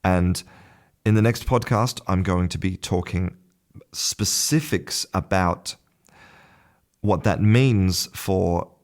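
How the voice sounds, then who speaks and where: A man's voice: deep voice, slow pace, long pauses. A man hosting an English-learning podcast, explaining a study in a solo talk and often repeating words while finding his phrasing. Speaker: podcast host and English teacher.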